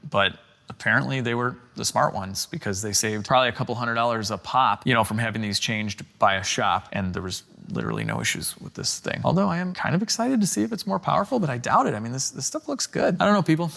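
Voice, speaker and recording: A middle-aged man with a gravelly, creaky voice at an ordinary pitch talks viewers through a car repair in his home garage. He is chatty and easily excited, narrating each step as he works. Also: quick pace. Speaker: car channel host. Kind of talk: hands-on DIY repair vlog talk.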